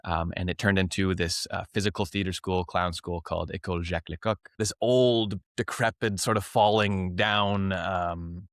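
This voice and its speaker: Man, low voice, casual storytelling, laughs often, lots of ums, dry close sound. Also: steady tone, moderate pace, hardly any pauses, a bit bright, no room sound. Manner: rambling, laughs often, many fillers and restarts. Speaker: professional clown and teacher, guest.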